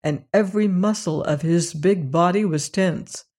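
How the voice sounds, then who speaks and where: An audiobook narrator reading a children's story in an even, measured way. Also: mid-range voice.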